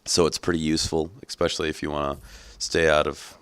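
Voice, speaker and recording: A man's voice: very deep voice, level tone, fast talker, a bit bright, clear, resonant tone. A man hosting a gameplay walkthrough, talking casually with profane jokes. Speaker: gaming channel host. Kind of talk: gameplay commentary.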